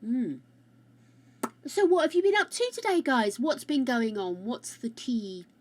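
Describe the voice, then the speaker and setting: A chatty woman streamer talks straight into a close microphone. Her voice sits a little high and swings widely up and down. She is loud by habit and wanders from one aside to the next. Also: sing-song, unhurried. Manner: chatty and loud, greets chat by name, rambling asides. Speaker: live streamer. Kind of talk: casual live-stream chat with viewers. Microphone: close-up streaming mic.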